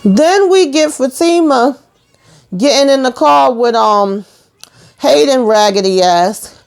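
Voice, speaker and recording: A woman's voice: sits high, slow, creaky. Chatty woman recapping a TV episode. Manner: animated, slangy, talks straight to viewers. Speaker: host of a TV recap channel.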